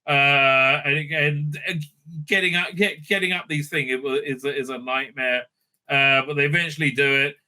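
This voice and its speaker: A man rambles through a reality show recap, crude, mocking and full of fillers. His voice sits a little high and sounds very bright and sharp. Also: fairly even intonation, normal speed. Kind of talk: casual recap commentary. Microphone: streaming setup mic.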